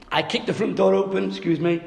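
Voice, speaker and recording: A man's voice: high-pitched, vocal fry. Guy preaching, jokey self-mocking stories, echoey room. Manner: lively storytelling, self-mocking humor. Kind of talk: sermon with humorous personal anecdote. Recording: echoey hall with long reverb.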